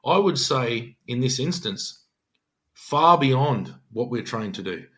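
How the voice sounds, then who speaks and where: A middle-aged man with an Australian accent, speaking at an ordinary mid pitch. He tells an emphatic, earnest podcast story as a police detective sergeant, often acting out what he said back then. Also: expressive, takes it slowly, a bit bright. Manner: earnest, emphatic, acts out his own quoted speech.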